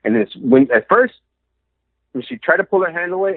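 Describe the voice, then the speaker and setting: A man's voice: high-pitched, normal speed, dry recording. Guy guest telling a spooky story on a podcast, acts out the quotes, tinny phone sound, dry. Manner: animated, acts out quoted lines.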